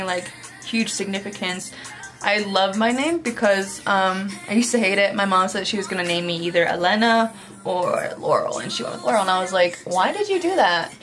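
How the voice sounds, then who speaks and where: A woman's voice: medium pitch, fairly bright tone. Chatty young woman musing over makeup. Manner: rambling, reflective, heavy use of "like". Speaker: vlogger. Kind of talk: casual chat while doing makeup.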